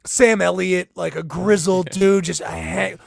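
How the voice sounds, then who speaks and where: A man co-hosting a comedy podcast, rambling in animated casual chat. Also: sits high, unhurried, gravelly. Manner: rambling, animated, slips into silly impressions. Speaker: podcast co-host.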